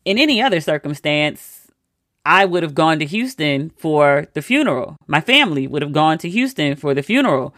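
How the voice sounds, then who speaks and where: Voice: medium pitch, big pitch swings, moderate pace, a bit bright, no echo, clean studio sound. A host telling a personal story in a casual monologue, with wry, incredulous asides.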